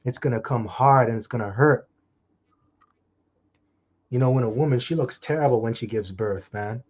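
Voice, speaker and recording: A man preaching in a crude, mocking way, stretching out the verses he reads with heavy emphasis. His voice is dark and husky. The recording sounds dull and lo-fi. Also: medium pitch, moderate pace. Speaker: street preacher. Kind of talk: scripture reading with commentary.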